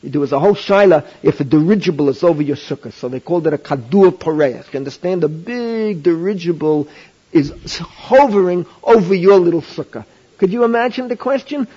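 A man with a high, husky voice lectures a class on rabbinic law. He tells jokes and mixes Yiddish and Hebrew phrases into his talk. The sound is dull and lo-fi, like an old 1990s lecture tape. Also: fairly quick. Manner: animated, jokey storyteller mixing in Yiddish and Hebrew.

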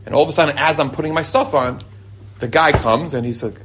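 A man telling lively stories to a group and weaving in religious teaching, often jumping into a high excited voice when he quotes people. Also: fast talker, breathy edge. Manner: animated storyteller, jumps to a high excited voice when quoting people; chuckles and restarts mid-sentence. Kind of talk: storytelling talk with religious teaching. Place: lives in Israel.

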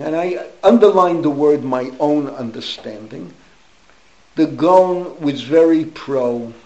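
A man's voice: fairly high pitch, a little mellow, rough recording. An older man, a rabbi, giving an informal Torah class, rambling through anecdotes sprinkled with Hebrew and Yiddish and calling on his students by name.

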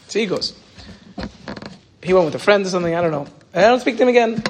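A rabbi telling a story in an animated way, acting out the dialogue and saying "like" a lot. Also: male voice, sits high, fast, a little hiss or hum. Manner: animated storytelling, acts out quoted dialogue, frequent "like". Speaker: rabbi and teacher. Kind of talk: storytelling Torah talk.

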